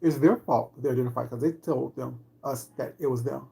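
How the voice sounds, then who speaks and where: A woman's voice: very deep voice, fairly quick, creaky, dark tone, a little hiss or hum. A woman on a livestream, commenting on online drama with sarcastic rhetorical questions. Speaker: streamer.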